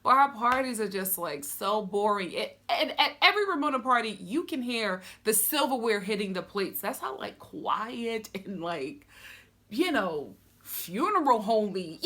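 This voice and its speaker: Sassy, bright-voiced woman doing TV recap. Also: mid-range voice, normal speed. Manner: sassy, animated, laughs often. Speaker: host of a TV recap channel. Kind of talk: comedic reality TV recap.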